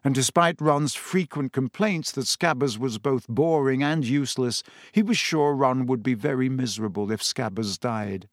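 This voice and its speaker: A man narrating an audiobook in a steady, expressive storytelling voice. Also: mid-range voice, no echo, clean studio sound.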